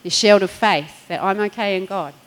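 A woman's voice: medium pitch, normal speed, poor audio. A middle-aged woman pastor, preaching in a chatty storytelling way, laughing and acting out quotes. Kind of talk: sermon.

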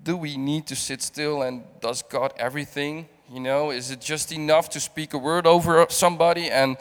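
A man's voice: a little high, fairly even intonation. A middle-aged man from the Netherlands preaching a heartfelt sermon, often repeating and restarting his words. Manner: halting, repeats words, emotional testimony. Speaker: guest preacher. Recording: long hall reverb.

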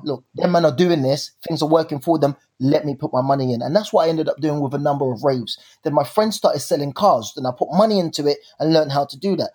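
A young man, co-hosting a podcast and telling stories in a lively, slangy way. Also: fairly high pitch, husky. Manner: animated storyteller, slangy. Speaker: podcast co-host. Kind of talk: casual chat.

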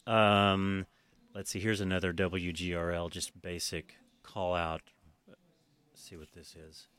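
A man's voice: low-pitched, level tone, slow, a bit bright, clear, resonant tone. A man hosting a podcast, chatting casually, laughing often and swearing freely. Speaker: podcast host. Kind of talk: casual chat.

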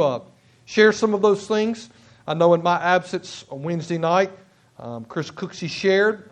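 High-voiced man preaching a sermon. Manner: halting, with frequent restarts and repeated emphasis. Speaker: pastor. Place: church sanctuary.

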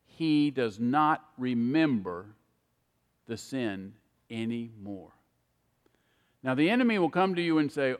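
A man's voice: mid-range voice, big pitch swings, takes it slowly, pauses often, big-room sound. A man preaching a sermon, earnest and speaking straight to his listeners. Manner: earnest, addresses listeners directly by name.

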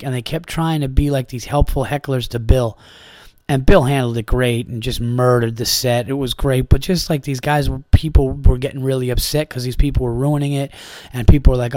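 A man hosting a podcast, telling a rambling, profane comedy story in a casual, animated way. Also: medium pitch, dry recording, studio quality.

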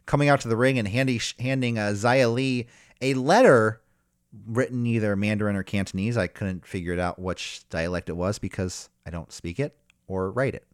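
A man's voice: moderate pace, no echo, clean studio sound. A man co-hosting a casual wrestling podcast, recapping matches in a loose, swearing, joking way. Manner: animated, loose, swears, mocks wrestlers in high shouted voices.

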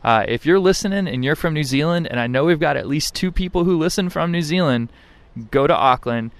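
A man's voice: a little high, lively intonation, brisk, no room sound. A young man co-hosting a podcast outdoors, chatting casually and laughing often as he tells a travel story. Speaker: podcast co-host. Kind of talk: casual chat. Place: outdoors under trees.

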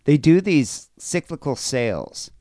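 A man's voice: a little high, very animated, measured pace, mellow, no echo, studio quality. A man hosting a podcast in casual chat, rambling and crude, reading listener emails aloud. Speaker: podcast host.

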